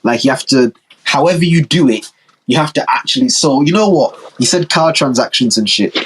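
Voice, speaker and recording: A young man trades casual podcast banter, arguing his point and slipping into impressions of other people. His voice sits at a middle pitch with a husky, breathy edge. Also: fairly quick. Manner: animated, argumentative, mimics other people. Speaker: podcast co-host. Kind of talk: casual chat.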